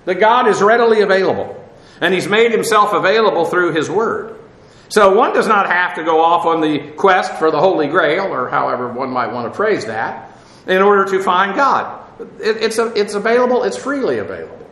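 A man teaching a verse-by-verse Bible lesson, talking off the cuff with many fillers and restarts, slowing down to explain Hebrew and Greek words. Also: sits high, expressive, fairly bright tone, roomy sound, low-quality recording. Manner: explanatory, slows to spell out Hebrew and Greek terms.

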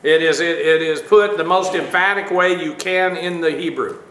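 A man teaching a Bible lesson, halting often with fillers and dry asides. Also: fairly high pitch, a bit bright, roomy sound.

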